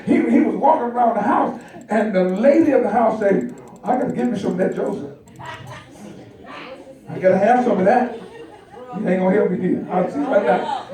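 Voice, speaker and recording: A male pastor preaching a lively storytelling sermon, calling out to his congregation. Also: high-pitched. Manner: animated storytelling, calls out to the congregation. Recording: echoey church hall, mic far off.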